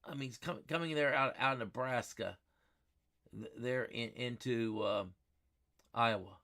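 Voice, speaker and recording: Gravelly man rambling about storms. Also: medium pitch, a little slow. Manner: excited, rambling, repeats himself. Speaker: weather stream host. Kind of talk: live weather commentary over radar maps.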